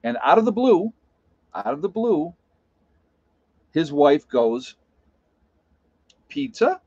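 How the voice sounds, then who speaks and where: A man's voice: a little high, big pitch swings, slow, darkish tone, breathy edge, dry recording. A man hosting a casual live stream, talking bluntly and telling stories to his chat. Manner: blunt, plain-spoken storyteller. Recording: dull lo-fi sound.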